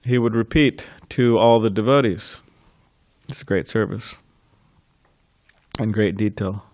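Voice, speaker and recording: A man with a low voice gives a scripture class in a temple. He talks informally and tells stories, with soft laughs between thoughts. The sound is dry and close. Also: unhurried, no room sound. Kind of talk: reminiscing temple class talk.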